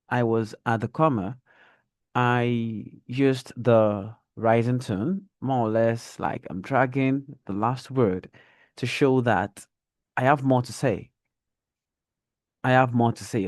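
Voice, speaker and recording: Man, reading teacher, slow and deliberate, mid-pitched voice, dry close sound. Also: a little mellow, no echo. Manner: slow, deliberate explanations, demonstrates intonation. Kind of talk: reading lesson for young children.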